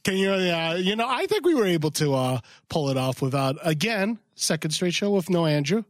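A man's voice: sits high, very animated, normal speed, no echo, studio quality. A man from the Philippines co-hosting a podcast, chatting casually and rambling with lots of "you know" and "uh". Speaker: podcast co-host. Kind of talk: casual chat.

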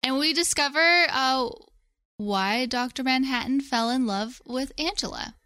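A woman's voice: sits high, measured pace, a bit bright, dry recording, studio quality. A woman co-hosting a casual podcast, rambling and chatty, saying "like" a lot. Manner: chatty, rambling, says "like" often. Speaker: podcast co-host.

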